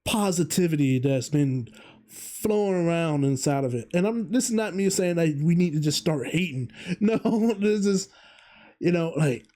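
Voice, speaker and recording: At a normal speed, a man with a fairly high, expressive, mellow voice offers casual commentary as a vtuber host on his own channel. The monologue rambles, he keeps interrupting himself, and he chuckles often.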